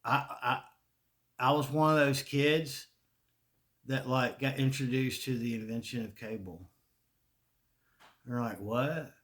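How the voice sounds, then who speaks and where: A podcast host from Charlotte, North Carolina, this Southern man in his forties speaks unhurriedly in a steady, mid-range, slightly bright voice with long pauses. His monologue rambles casually, full of profanity, restarts and laughter.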